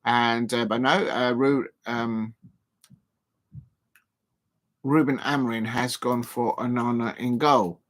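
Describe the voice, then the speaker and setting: A man talks casually through a live football stream, speaking from a seated spot at home. His pitch sits in a middle range, and he meanders, restarting sentences and filling gaps with ums. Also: steady tone, slow, pauses often, a bit bright. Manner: rambling, many ums and restarts, chatty asides to viewers.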